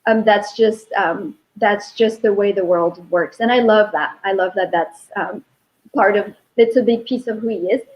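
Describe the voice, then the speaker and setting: A woman linguistics professor talking as an interview guest, telling animated stories and quoting her son. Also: mid-range voice, moderate pace, dull audio. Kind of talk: casual interview talk.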